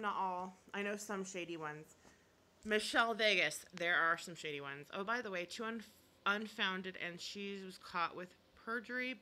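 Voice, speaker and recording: A woman's voice: medium pitch, sharp tone, a little hiss or hum. A woman YouTuber in casual live chat, reading viewer comments and giving blunt opinions, laughing often and apologizing half-jokingly.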